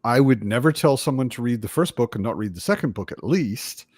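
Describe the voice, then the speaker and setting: A man's voice: mid-range voice, expressive, fairly quick, darkish tone, slightly rough, no echo, clean studio sound. A man hosting a casual livestream book chat over a video call, rambling and correcting himself as he talks. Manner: rambling, self-correcting, chatty. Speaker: livestream host. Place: home in Berlin.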